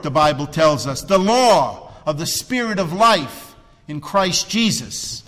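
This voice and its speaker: Preacher man in a reverberant hall. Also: sing-song. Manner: swings between loud emphatic cries and hushed low passages; drawn-out, slowed phrases for emphasis. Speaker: pastor. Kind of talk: sermon.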